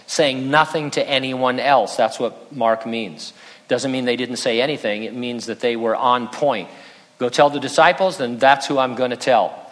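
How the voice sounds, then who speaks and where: A man's voice: mid-range voice, fairly bright tone. A man preaching a sermon as pastor, earnest and conversational with touches of light humor. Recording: long reverb in a large hall.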